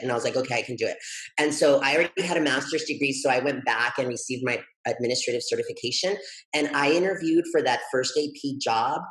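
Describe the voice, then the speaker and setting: A man guesting on an interview, telling his story in a lively, expressive way that jumps high when he gets excited. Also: a little fast, rough recording. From Texas, United States. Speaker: guest, educator and author.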